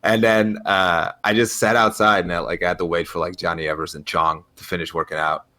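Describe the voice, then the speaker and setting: Here a podcast co-host chats casually, spinning stories full of fillers and frequent laughter. His voice sits low with little pitch movement, yet comes across bright and forceful at a fairly quick clip.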